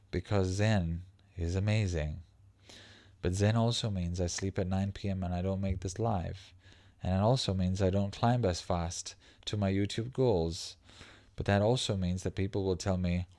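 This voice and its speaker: Profane, animated man on a dry close mic. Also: fairly low pitch, dry recording. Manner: profane, animated, laughs mid-sentence, acts out others' voices. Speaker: life coach and livestream host. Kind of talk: casual livestream monologue.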